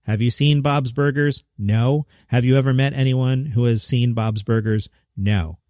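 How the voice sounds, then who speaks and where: A man hosting a comedy news podcast, delivering headlines with sarcastic, deadpan asides. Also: medium pitch, measured pace, clear, resonant tone, dry recording, clean studio sound. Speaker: podcast host.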